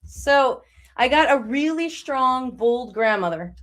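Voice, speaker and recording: A woman's voice: high voice, lively intonation, slow, a bit bright, a little hiss or hum. A woman hosting a live online psychic reading, talking to callers in a reassuring, encouraging way. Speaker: psychic medium host.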